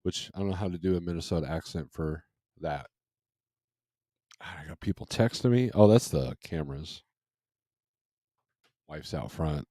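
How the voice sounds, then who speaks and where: A man's voice: medium pitch, darkish tone, no echo, studio quality. A man hosting a casual livestream from home, rambling in an easygoing way and chuckling often, speaking into a microphone. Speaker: livestream host. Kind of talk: casual live chat. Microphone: desk microphone.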